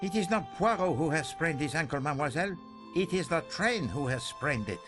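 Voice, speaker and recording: An actor playing a fussy, dignified older male detective in a mystery game, speaking in a formal, precise, gently wry manner. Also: fairly high pitch, expressive, fairly quick, natural voice. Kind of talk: game voice acting. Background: game music.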